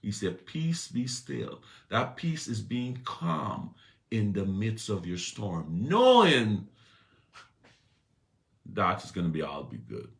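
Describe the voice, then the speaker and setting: A man giving an inspirational morning talk, preaching with repetition and loud emphatic peaks. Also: lowish voice, lively intonation, measured pace, gravelly. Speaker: inspirational speaker.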